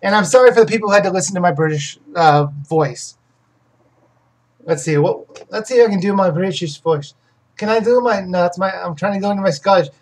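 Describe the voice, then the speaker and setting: Husky voice, casual live chat, game reviewer, rambling, restarts, opinionated, middle pitch. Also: brisk, darkish tone, poor audio. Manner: rambling, self-correcting, many restarts; opinionated about games.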